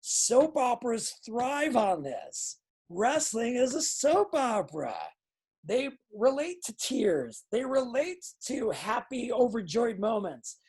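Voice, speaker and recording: A woman teaching a wrestling class, blunt and animated, acting out lines as she speaks. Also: on the high side, slow, husky. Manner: animated, acts out quoted lines; blunt, swears freely. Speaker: wrestling instructor. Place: training academy class.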